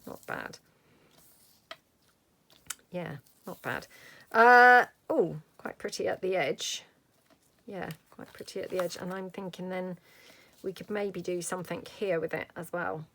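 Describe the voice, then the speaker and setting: Middle-aged woman, gravelly, easygoing crafting chatter. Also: lowish voice, moderate pace, fairly bright tone. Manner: chatty, thinks aloud while working. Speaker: craft vlogger. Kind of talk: casual crafting tutorial chat.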